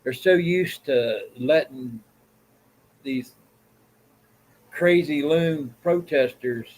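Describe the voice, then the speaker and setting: A man's voice: medium pitch, extremely slow, a little mellow, rough recording. A man with a Southern US accent hosting a vlog, giving blunt, rambling opinion commentary in a plain-spoken way. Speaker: vlog host.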